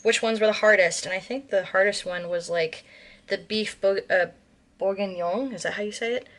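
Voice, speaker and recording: An American woman talks her way through a home cooking vlog in a loose, rambling way. She fills gaps with ums, restarts her sentences and corrects herself as she goes. Her voice sits at an ordinary middle pitch for a woman. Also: steady tone, a little fast, fairly bright tone. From United States. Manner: rambling, chatty, with frequent ums and self-corrections. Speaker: vlogger. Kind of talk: casual cooking vlog chat.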